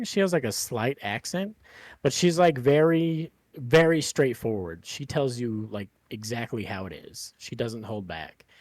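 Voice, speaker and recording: A man's voice: mid-range voice, no echo. Laid-back swearing podcast guy. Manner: rambling, swears freely, many fillers. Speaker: podcast host. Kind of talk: casual podcast chat.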